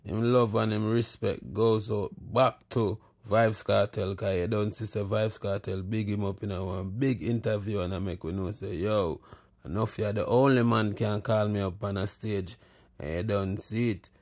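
A Jamaican man with a low voice hosts a street show. He rambles in patois and keeps speaking straight to his channel's viewers. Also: steady tone, moderate pace, darkish tone. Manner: rambling, addresses the channel directly. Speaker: online show host. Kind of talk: casual street commentary in patois.

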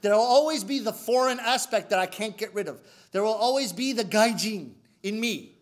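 A man from Canada, telling a comic story in an animated, exasperated, emphatic way. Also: very high voice. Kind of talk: comedic storytelling.

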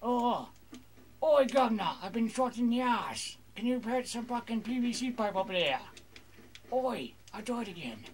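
A man's voice: very high-pitched, animated, a little slow, slight background noise. A young man rambling crudely through casual gameplay commentary, joking in a mock pirate voice. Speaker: gamer.

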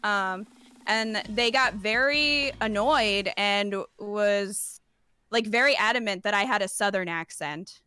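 A young woman with a neutral North American accent telling stories with dry, deadpan humor while playing a game. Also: medium pitch, slow pace, clean tone. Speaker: streamer, co-op player. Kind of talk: casual gaming chat.

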